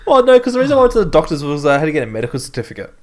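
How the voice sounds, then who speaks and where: A man's voice: a little high, very animated, racing. A young man co-hosting a podcast, laid-back and joking in casual chat. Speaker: podcast co-host.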